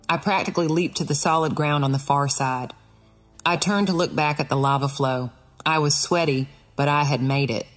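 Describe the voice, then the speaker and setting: Low-voiced woman reading an audiobook. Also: normal speed, faint music behind. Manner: earnest, expressive first-person reading. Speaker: audiobook narrator. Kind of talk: scripted narration of a Christian allegory.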